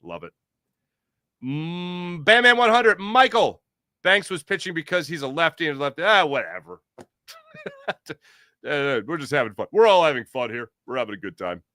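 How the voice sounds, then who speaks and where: A man's voice: fairly high pitch, normal speed, no echo, studio quality. A man hosting a casual sports podcast livestream and reading out the chat with jokey, rambling energy. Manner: animated, jokey, rambling with restarts.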